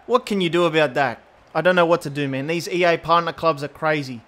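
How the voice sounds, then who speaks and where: A man giving casual, chatty commentary over his own football game, often exasperated and getting excited at big chances. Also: a little high, brisk. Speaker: gaming YouTuber.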